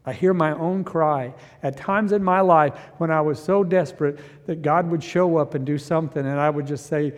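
A middle-aged pastor with a high voice preaches in a sanctuary with a long reverb. He reads scripture quietly, then climbs into loud, fervent preaching. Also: moderate pace, few pauses. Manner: builds from quiet reflection to loud impassioned preaching. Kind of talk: sermon.

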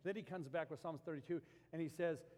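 A man's voice: on the high side, fast, a little mellow. Male pastor preaching in a reverberant church. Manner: folksy, storytelling with homey asides. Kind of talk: sermon.

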